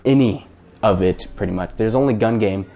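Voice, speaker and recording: A man's voice: on the low side, normal speed, dark tone, highs cut off. A man hosting a casual spoken game review, talking in a chatty, rambling way with fillers and the odd swear word. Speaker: gaming channel host.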